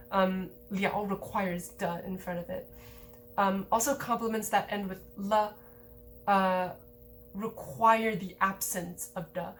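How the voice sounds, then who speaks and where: A woman giving a relaxed, conversational language lesson, explaining grammar points with lots of casual filler words. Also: mid-range voice, slight background noise. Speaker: language teacher.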